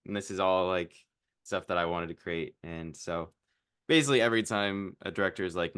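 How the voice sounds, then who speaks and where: A man's voice: deep voice, a little fast, fairly bright tone, smooth, no echo, clean studio sound. A man in his mid-twenties, a podcast guest, chatting casually with lots of fillers and laughing at himself. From Iowa. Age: 20s. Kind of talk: casual interview chat.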